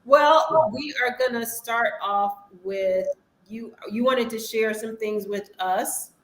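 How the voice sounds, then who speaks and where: A woman hosting a talk show, lively and laughing often. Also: fairly high pitch, slow pace, echoey room, poor audio. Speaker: show host.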